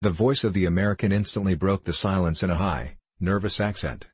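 A man narrating an audiobook in a low, husky voice with measured, even storytelling. The sound is dry and close. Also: dry recording.

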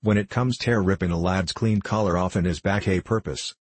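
A thin, quarrelsome neighbour woman who scolds sharply in a broad dialect, as a male reader puts her on. The voice is low and husky. It sounds dry, with no room behind it. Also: brisk, dry recording. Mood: scolding.

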